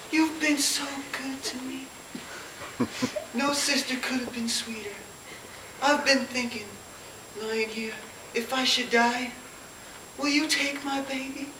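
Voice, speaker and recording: A woman voicing a frail, sweet young woman who speaks softly from her sickbed. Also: high voice, steady tone, takes it slowly, long pauses, echoey room, far from the mic, noisy background. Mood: tender. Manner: soft, breathy, tender.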